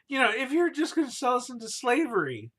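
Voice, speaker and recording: A man's voice: extremely high pitch, wildly swooping pitch, brisk, pushed and bright, husky, pitched above the performer's own voice, full character voice. A man voicing a young queen who pleads for her people in casual modern slang. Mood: pleading.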